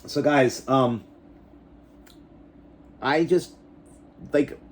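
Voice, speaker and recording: A man in his forties hosting his own backyard wrestling show, talking in a rambling, animated, profane way in a casual vlog. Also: medium pitch, extremely slow. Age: 40s.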